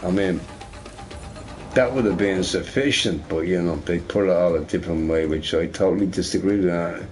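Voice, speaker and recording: A man with a fairly low voice chats loosely while he plays a game. He rambles and repeats phrases, and he swears casually. He keeps checking in with "you know, right?". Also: moderate pace, darkish tone, faint music behind. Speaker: gamer recording gameplay. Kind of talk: casual storytelling over gameplay.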